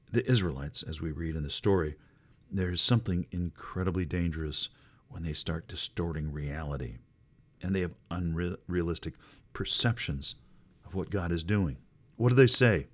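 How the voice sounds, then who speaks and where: A middle-aged male pastor preaching a sermon, expressive and wry, with sudden jumps in pitch for emphasis. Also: a little slow, long pauses.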